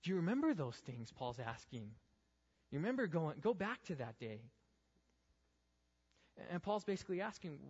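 A man's voice: on the high side, big pitch swings, normal speed, long pauses, a little mellow, breathy edge. Earnest young male youth pastor preaching. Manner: earnest, rising to pleading rhetorical questions. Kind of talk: youth group sermon. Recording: dull, reverberant hall sound.

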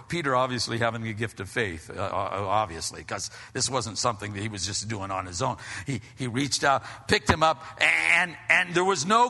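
Male pastor, bright high voice, animated delivery swinging between shouts and hushes, recorded in a reverberant church hall. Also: moderate pace, few pauses. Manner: animated preaching, acts out scenes, drops to hushed tones. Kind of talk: sermon.

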